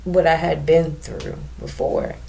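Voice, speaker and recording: Low, gravelly young woman telling her story. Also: little pitch movement, takes it slowly, warm tone. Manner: candid, emotional, with many ums and restarts. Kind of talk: personal storytelling to camera.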